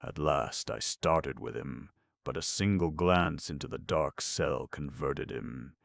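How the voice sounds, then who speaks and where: A man reading an audiobook in a measured, deadpan way. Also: a bass voice, gravelly. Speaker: audiobook narrator. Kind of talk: scripted narration.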